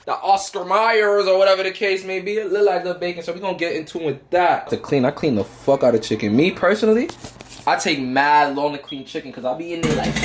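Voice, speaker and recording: A young man cooking in his home kitchen and talking to viewers, quick and slangy, often asking "you feel me". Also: on the high side, a little hiss or hum. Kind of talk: casual cooking vlog.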